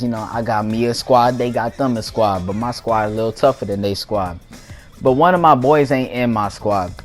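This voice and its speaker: A young man hosting a gaming channel, telling a story casually in slangy speech and laughing as he goes. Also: mid-range voice. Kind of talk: casual storytelling over gameplay.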